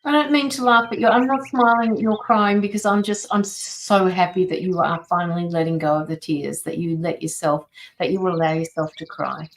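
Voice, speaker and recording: A woman reading tarot and passing on spirit messages to viewers on a livestream, gentle and reassuring, pausing often with fillers. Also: on the low side, steady tone, a little hiss or hum, low-quality recording. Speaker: tarot reader and medium.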